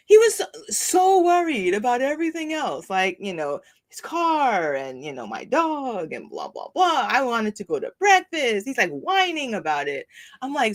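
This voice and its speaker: A woman's voice: fairly high pitch, slow. Rambling woman telling a story. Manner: rambling and animated, with many fillers. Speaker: spiritual coach hosting a weekly livestream. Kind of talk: casual storytelling on a livestream.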